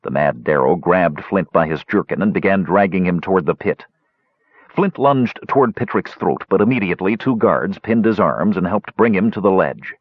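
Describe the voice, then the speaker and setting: A man narrates an audiobook in a husky, lowish voice with lively, varied pitch. The recording is dry and dull. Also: normal speed, no room sound. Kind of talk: scripted narration.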